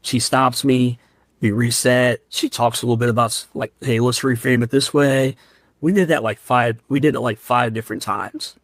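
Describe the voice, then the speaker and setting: A man from Central Ohio talks as a podcast guest, earnest and heartfelt. His voice sits at an ordinary middle pitch. The sound is dry and close, with no room around it. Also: steady tone, normal speed, fairly bright tone, dry recording. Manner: earnest and heartfelt, emotional while recounting. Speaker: firefighter and paramedic, podcast guest. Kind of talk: candid interview storytelling.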